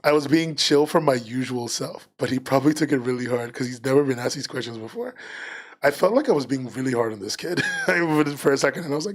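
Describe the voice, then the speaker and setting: A man chatting casually as a podcast co-host on a livestream, at a middle pitch. He rambles, restarts his sentences and leans on fillers as he thinks aloud. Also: big pitch swings, fast talker.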